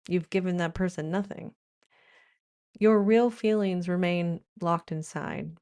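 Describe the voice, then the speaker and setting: A woman's voice: fairly low pitch, steady tone, unhurried, darkish tone. An American woman vlogging in a wry, playful commentary style, now and then slipping into quoted phrases. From United States. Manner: wry, playful, shifts into mock-British quotes. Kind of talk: chatty commentary.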